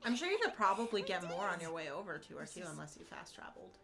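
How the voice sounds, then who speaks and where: A woman co-hosts a game stream, chatting casually and teasing the player. She laughs a lot and her pitch moves all over, with faint game music underneath. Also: lively intonation, fast, gravelly, a bit bright. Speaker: co-host watching the game. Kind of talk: casual chat.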